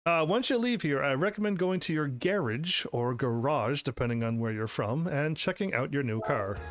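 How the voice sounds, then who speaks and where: A man hosting a let's play, reading game text aloud and reacting with excited, sarcastic commentary. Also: medium pitch, moderate pace. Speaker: gaming channel host. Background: faint game music.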